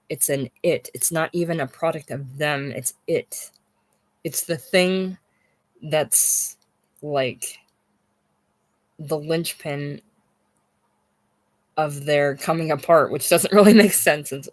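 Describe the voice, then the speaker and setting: A speaker talks slowly through a long unscripted ramble about a book, stumbling over words and circling back to the same point. The occasional curse lands for emphasis. The recording is close and dry, with no room sound. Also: mid-range voice, no echo. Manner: halting, repeats words, swears for emphasis. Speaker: book discussion host.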